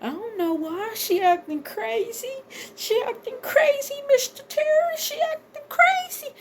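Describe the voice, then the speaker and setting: A woman voicing a drunk young woman who whines and wails tearfully in a very high voice. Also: measured pace, noisy background. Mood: whiny crying. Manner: wailing, pleading. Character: drunk young woman, shrill, whining, crying.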